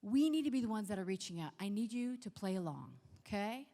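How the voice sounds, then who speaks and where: A woman's voice: medium pitch, expressive, brisk, mellow, in a large hall. A woman giving an interactive motivational keynote on a large convention stage, leading the crowd in call-and-response. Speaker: keynote speaker.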